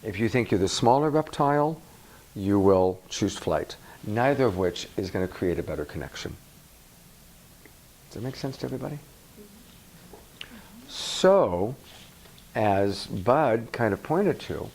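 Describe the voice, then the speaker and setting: A male coach speaking to a workshop audience in a lively, swooping voice. He checks in with the room often and acts out little examples as he explains. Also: medium pitch, moderate pace, slight background noise, poor audio. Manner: animated, asks the audience questions, acts out examples. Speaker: relationship coach. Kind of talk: workshop talk to a live audience.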